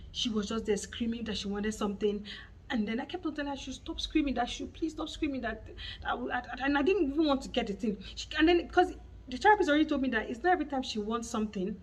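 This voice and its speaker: A Nigerian woman telling a casual, animated story to her vlog audience and acting out her child's cries. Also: on the high side, far from the mic, poor audio. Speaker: mother and vlogger.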